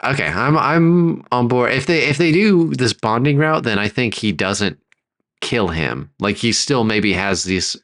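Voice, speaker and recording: Man, mid-pitched voice, casual, thinks aloud, acts out lines, improvised story chat. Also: animated, a little slow, a bit bright. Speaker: podcast co-host.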